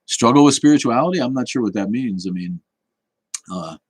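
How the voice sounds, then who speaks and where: A man's voice: mid-range voice, animated, brisk, slightly rough, dry recording, rough recording. A man, hosting a casual livestream, talking in a snarky, rambling way full of restarts as he answers chat. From Boston area.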